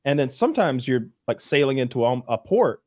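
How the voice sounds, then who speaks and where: A man in casual podcast chat who talks haltingly and jokes around. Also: mid-range voice, big pitch swings, a little mellow, no echo, clean studio sound. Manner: halting, restarts sentences, joking. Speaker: podcast co-host.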